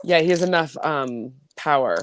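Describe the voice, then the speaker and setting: A woman's voice: deep voice, normal speed, slight background noise. A woman hosting a casual chat, rambling and giggly, with lots of "like". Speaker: host.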